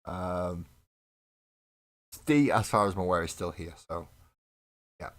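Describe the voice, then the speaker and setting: A man's voice: low-pitched, takes it slowly, long pauses, a bit bright. A man chatting casually on a live painting stream, rambling and joking with viewers at his desk. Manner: rambling, joking, self-deprecating banter with chat. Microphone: desk mic on live webcam stream.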